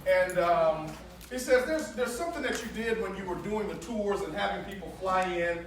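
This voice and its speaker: A man giving an energetic, preacher-like motivational talk at a sales training, leading call-and-response and joking with the audience. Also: high-pitched, normal speed. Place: large hall with a live audience. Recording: echoey hall with crowd noise, from far off.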